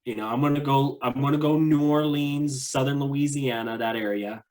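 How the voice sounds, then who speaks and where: A man's voice: medium pitch, fairly even intonation, normal speed, a little mellow. A man co-hosting a podcast, chatting casually about travel in a rambling way, full of "like" and restarts. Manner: rambling, many fillers and restarts. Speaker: podcast co-host.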